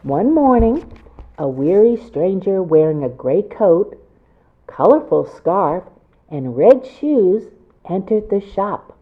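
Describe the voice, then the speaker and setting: A woman's voice: mid-range voice, very animated, takes it slowly. A woman reading a picture book aloud to children as a storyteller, with chatty asides about the pictures. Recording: tinny phone-like sound.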